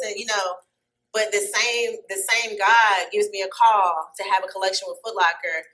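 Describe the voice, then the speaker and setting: A woman's voice: mid-range voice, moderate pace, rough recording. A woman guest, an artist and entrepreneur, telling her story in casual chat, acting out the people in it with a preacher-like inspirational cadence. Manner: animated, acts out dialogue in her stories.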